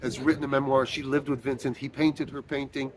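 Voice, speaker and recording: A man chats in an interview about his stage show, his voice sitting in a middle pitch. He tells stories at an easy pace, slips in fillers and restarts, and now and then acts out the people in his anecdotes. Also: little pitch movement, fairly quick, a crowd in the background. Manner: storytelling, acts out quoted voices, frequent fillers. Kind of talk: casual interview chat.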